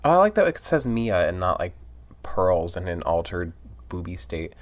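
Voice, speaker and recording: A man's voice: deep voice, big pitch swings, moderate pace, dry recording. A drunk man casually rambling and giggling through a let's play, reading the game's lines aloud.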